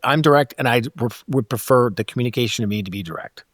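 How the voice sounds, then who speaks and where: A man talks casually in a podcast conversation, animated and quick to act out snippets of dialogue. His voice sits at an average pitch for a man. The recording is dry and close, with no room sound. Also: no echo. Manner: animated, acts out quoted dialogue with laughs.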